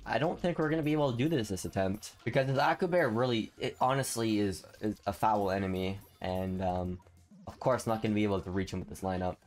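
A young man giving casual gameplay commentary, swinging between low grumbling and excited shouts. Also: quick pace, faint music behind. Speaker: gaming video host.

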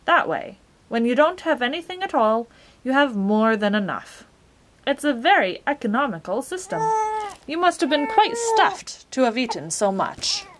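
A woman's voice: high-pitched, very animated, moderate pace, slight background noise, pitched above the performer's own voice. A woman voicing the Mathemagician, a pompous, impatient male magician who talks emphatically. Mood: insistent.

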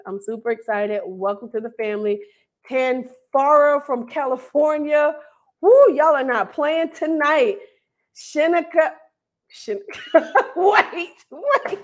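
A woman from North Carolina hosting a casual live stream, reading out viewers' names and laughing often as she welcomes them. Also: sits high. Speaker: host of an online hair school livestream.

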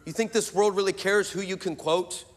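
A man with a high-pitched voice preaches a sermon, mixing joking stories with emphatic calls to his listeners. His voice rings out with a long reverb, as in a big hall. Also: fairly even intonation, normal speed. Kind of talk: sermon with storytelling.

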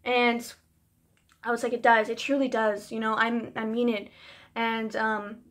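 A woman's voice: on the high side, flat delivery, measured pace, fairly bright tone. A young woman vlogging casually, telling a personal story in a chatty, emotional way with lots of "like" fillers.

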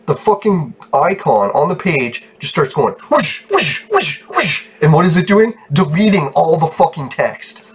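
A man's voice: fairly high pitch, animated, moderate pace, few pauses, slight background noise. A young man giving profane, frustrated commentary over his gameplay, breaking into laughs. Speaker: game video creator.

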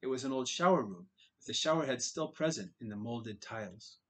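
A man of ordinary, mid-range pitch reading a novel aloud in the first person. His narration is earnest and swells dramatically at tense moments. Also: lively intonation, a little fast, poor audio. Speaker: audiobook reader. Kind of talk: audiobook narration.

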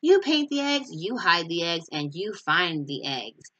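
A bossy, scornful know-it-all girl from a storybook, leaning hard on each word, as a woman reading aloud puts her on. She drags out her lines with lively ups and downs. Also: on the low side, a little slow, no echo, lo-fi sound, full character voice.

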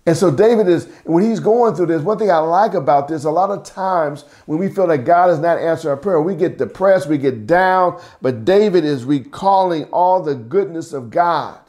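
A middle-aged male pastor teaching a sermon verse by verse, repeating and rephrasing key lines and slowing down to stress the scripture. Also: fairly high pitch, darkish tone.

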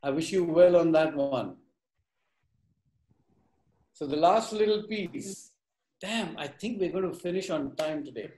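A man's voice: a little high, animated, unhurried, pauses often, a little mellow, roomy sound, low-quality recording. A man telling a fable to a live audience at a workshop. He acts out the characters in voices and quizzes the listeners as he goes. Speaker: workshop speaker. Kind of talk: storytelling to a live group.

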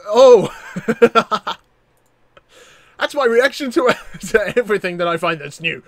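A young man with a high, bright-sounding voice narrates his gameplay in a loose, joking way. He gets excited quickly and stumbles into stammered restarts as the action unfolds. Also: no echo, faint music behind. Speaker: gaming YouTuber. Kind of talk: casual gameplay commentary.

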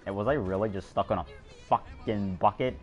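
A young man in his teens giving excitable, jokey gameplay commentary while live-streaming, swearing often. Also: on the low side, brisk, highs cut off. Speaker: gamer streamer.

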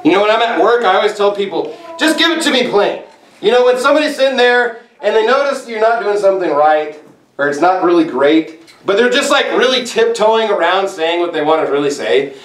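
A man preaching a sermon with force, sometimes shouting and mimicking others. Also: high voice, expressive, brisk, roomy sound, recorded from a distance, rough recording. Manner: forceful, rising to shouts and mocking impressions. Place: church sanctuary.

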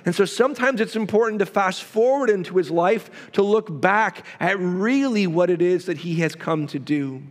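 A male pastor preaching a sermon, with emphatic repetition and quick asides to the congregation. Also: high voice, long reverb tail.

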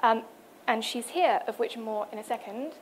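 A woman's voice: a little high, moderate pace, a little hiss or hum. A woman presenting at a cultural event, speaking with many fillers and restarts as she introduces other artists. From United Kingdom. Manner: hesitant, many fillers, reads out quotes. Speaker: conference speaker. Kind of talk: presentation talk. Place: event hall.

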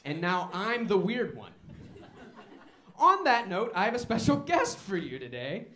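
A man's voice: sits high, huge pitch swings, a little slow, fairly bright tone, echoey room, slight background noise. A man doing a stand-up comedy set on a comedy club stage, telling wry, self-mocking stories.

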